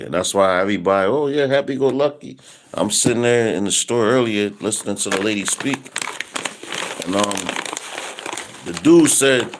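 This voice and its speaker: A man giving a casual, rambling Bible talk in street slang, slowing down to read scripture aloud. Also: low voice. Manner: loose, rambling, slangy, reads scripture slowly. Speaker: preacher.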